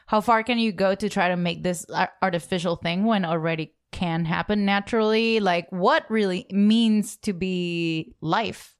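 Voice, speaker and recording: A woman co-hosting a casual chat about a TV episode, animated and quick to laugh. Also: medium pitch, clear, resonant tone. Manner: animated, laughing, playful impressions. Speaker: podcast co-host.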